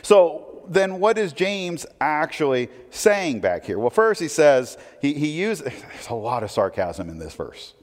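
A man preaches in a conversational, questioning way and keeps drawing his listeners in. His voice sits a little high and moves with lively swings in pitch. The sound carries a long reverb, as in a church sanctuary. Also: a little slow, few pauses. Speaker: pastor. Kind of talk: sermon.

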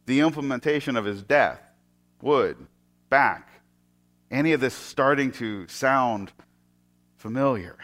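A man preaching a sermon. He retells a scripture story and often drops into soft, hushed tones. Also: mid-range voice, animated, slow, long pauses.

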